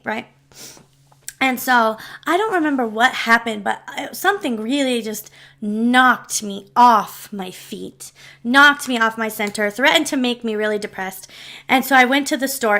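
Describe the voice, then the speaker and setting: Speaking casually to camera, this woman vlogger shares a personal story in a rambling, heartfelt manner. Her voice is fairly high and sharp, and she keeps restarting and making asides to her audience.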